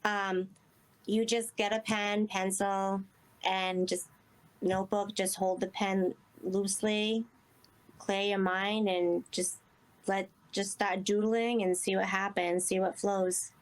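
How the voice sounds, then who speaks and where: A woman's voice: mid-range voice, little pitch movement, takes it slowly. A woman guest speaking earnestly in casual interview chat, rambling and often saying "you know". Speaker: guest medium.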